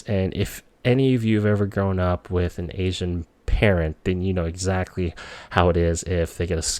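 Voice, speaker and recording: A man with a low voice, from the Philippines, tells a story from his own life in a casual, chatty way. The recording is dry and close, with no room sound. When he quotes himself as a child, his voice leaps up high. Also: dry recording. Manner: relaxed conversational, voice jumps high when quoting his child self.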